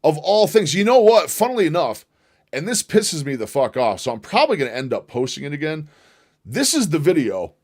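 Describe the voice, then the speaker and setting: A man chatting on his own livestream in a loose, rambling way. He swears freely and gets excited as he reacts to videos. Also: fairly high pitch, fairly quick. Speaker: livestream host. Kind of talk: casual livestream chat.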